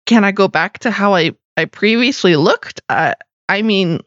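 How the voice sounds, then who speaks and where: A woman's voice: mid-range voice, expressive, moderate pace, no room sound, dull audio, lightly acted. A woman playing an earnest, newly changed young vassal. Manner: earnest, thoughtful, hesitant restarts.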